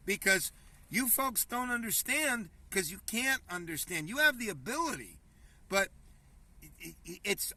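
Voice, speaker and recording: Recorded from a distance, a man with a high, pushed, bright voice hosts a casual commentary show. He reads news headlines aloud and riffs on them in a rambling, conversational way, often addressing his viewers as "folks."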